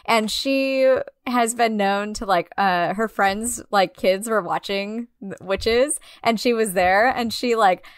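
Smooth-voiced young woman, casual and candid. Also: mid-range voice, takes it slowly, few pauses, no room sound, clean studio sound. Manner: candid, swears casually, frequent "like" fillers. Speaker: podcast co-host. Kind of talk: casual chat.

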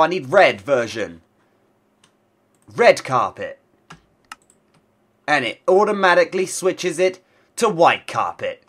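Male let's-play host, stuffy from a cold, slow unhurried delivery with sharp bright tone, chatty self-talk. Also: mid-range voice, breathy edge. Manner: chatty, talks to himself and the animals. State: congested from a cold. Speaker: gaming channel host. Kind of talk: casual Minecraft let's-play commentary.

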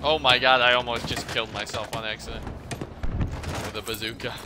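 A man streaming a shooter game in casual chat, excitable, swearing and yelling at the action. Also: mid-range voice, fairly quick. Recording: game gunfire and vehicle noise behind voice. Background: game gunfire and explosions.

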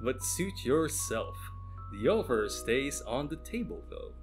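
A man's voice: mid-range voice, very animated, unhurried, music in the background. A man voicing a bossy, feisty woman schoolteacher who has a cold, read aloud from a game with a playful, over-the-top delivery. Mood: teasing.

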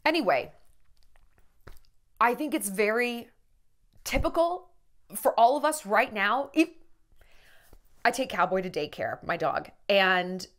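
Animated, candid woman vlogger. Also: mid-range voice, slow, pauses often. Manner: candid, profane, rambling; emotional, tearful at times. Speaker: celebrity gossip vlogger. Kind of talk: casual vlog monologue.

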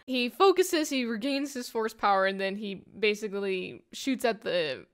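A woman's voice: on the high side, normal speed, hardly any pauses. A woman giving a casual, rambling plot summary of a comic, full of "like" and "you know". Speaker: comic book reviewer.

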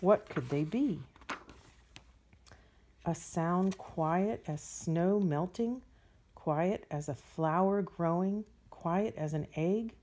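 Woman, bedtime story reader: soft, drawn-out, mellow tone. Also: on the low side.

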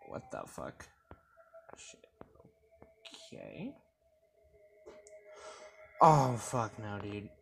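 A man's voice: fairly low pitch, slow pace, gravelly, pauses often, a little hiss or hum. A man giving gameplay commentary on a horror game, swearing often and reacting in jumpy outbursts. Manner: profane, jumpy, excitable reactions. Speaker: gamer.

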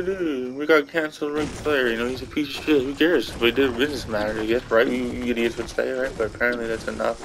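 Vlogger, male, fried gravelly voice, crude and dismissive. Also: mid-range voice, background noise. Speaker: gaming and wrestling vlogger. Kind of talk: profane rant to camera.

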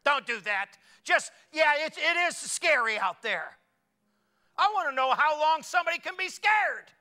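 A man's voice: extremely high pitch, lively intonation, normal speed. Folksy pastor man, fiery sermon. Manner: folksy, preachy, swings between quiet asides and loud exclamations.

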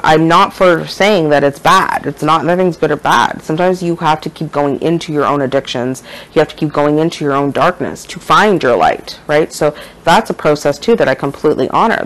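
A woman's voice: sits low, low-quality recording. A woman speaking as a shaman and spiritual teacher in a casual spiritual monologue, rambling and earnest, often checking in with her listeners.

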